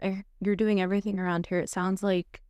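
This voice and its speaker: A woman's voice: mid-range voice, level tone, a little fast, darkish tone, clear, resonant tone, no room sound, studio quality. A woman co-hosting a family counseling talk show who asks guiding questions and offers examples in a supportive, conversational way. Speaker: counselor and co-host. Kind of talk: conversational podcast discussion.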